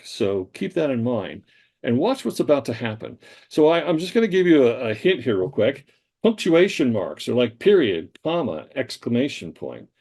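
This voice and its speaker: Mellow-voiced man leading a software training. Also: medium pitch. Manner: casual, explanatory, with frequent fillers. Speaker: staff trainer. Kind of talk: live software training walkthrough.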